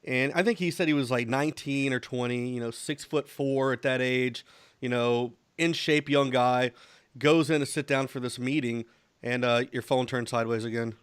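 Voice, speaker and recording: A man's voice: medium pitch, fairly even intonation, moderate pace, smooth, dry recording. A man hosting an interview, talking in a casual, rambling way and telling a long story full of fillers. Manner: conversational and rambling, many fillers. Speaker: show host, interviewer.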